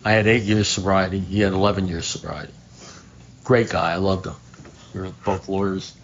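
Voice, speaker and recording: In a recovery group's meeting room, a man with a low, level voice briskly tells a story to the live group. He keeps it loose and conversational, with wry asides, restarts, and acted-out quoted lines, on a dull lo-fi room recording with faint noise.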